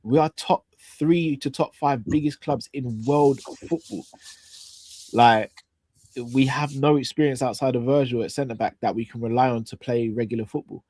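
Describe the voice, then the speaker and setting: A man co-hosting a football fan show in casual chat, animated and repeating himself, using slang. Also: medium pitch, normal speed, dry recording. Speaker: co-host of a fan talk show.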